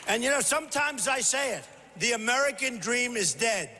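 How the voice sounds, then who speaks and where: An older man giving a punchy, repetitive rally speech to a large crowd, often shouting. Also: very high voice, lively intonation, normal speed, a little hiss or hum. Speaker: political candidate at a rally. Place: large convention hall. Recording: echoey hall with faint crowd.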